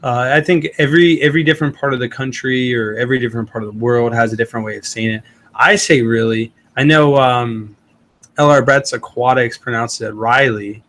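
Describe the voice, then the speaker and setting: A man's voice: medium pitch, fairly even intonation, fairly quick, fairly bright tone. Casual man hosting a livestream. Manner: reads viewer comments aloud and answers them casually. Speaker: livestream host.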